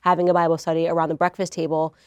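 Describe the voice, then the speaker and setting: A woman's voice: low voice, level tone, very fast, a little mellow, smooth, dry recording, clean studio sound. A young woman telling her personal story in an earnest conversational interview. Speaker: guest.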